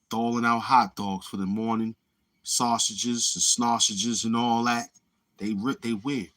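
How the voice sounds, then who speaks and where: On a casual livestream, the male host wanders through his thoughts, frequently murmuring mm-hmm. His voice is on the low side and a bit bright.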